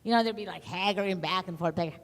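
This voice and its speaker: A middle-aged woman speaking to an audience in a lively storytelling talk, acting out the voices she quotes. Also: on the low side, a little fast. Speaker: conference speaker. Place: conference hall. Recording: long hall reverb.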